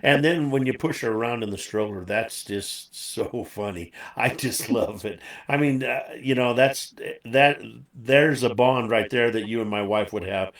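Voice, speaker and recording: A man's voice: medium pitch, measured pace, hardly any pauses, reverberant, recorded from a distance. A man hosting a casual chat interview, folksy and chatty, laughing easily. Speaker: show host.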